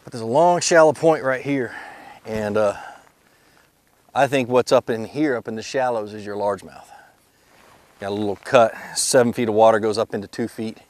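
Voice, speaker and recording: Out of breath on a boat outdoors, a man hosts a fishing video, his voice on the low side and the recording dry. He's excitable, laughs easily, and talks to the fish while reeling them in.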